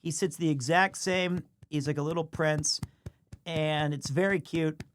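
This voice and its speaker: A man's voice: on the high side, steady tone, measured pace, slight background noise. Streamer type, man, easygoing chatty storyteller, keeps cooing at his pet mid-story. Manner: rambling anecdote, stops to coo at his cat. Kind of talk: casual livestream chat.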